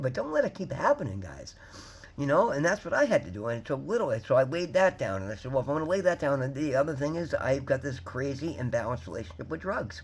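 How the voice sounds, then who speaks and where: Husky fifty-something guy rambling to camera, talks quick and a bit high, keeps saying guys. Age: 50s. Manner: rambling, emphatic, addresses viewers as guys. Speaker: vlogger. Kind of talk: candid personal talk to camera.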